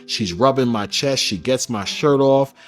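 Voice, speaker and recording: A man giving an interview, recounting a personal story in a candid, casual way with slang, getting animated when he quotes others. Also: medium pitch, measured pace, soft background music.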